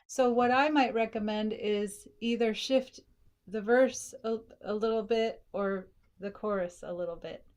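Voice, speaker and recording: A woman's voice: a little high, steady tone, a little slow, a little mellow. A woman coaching a songwriter, thinking aloud and singing lyric lines to show phrasing, with a slight frog in her throat. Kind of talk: casual feedback session.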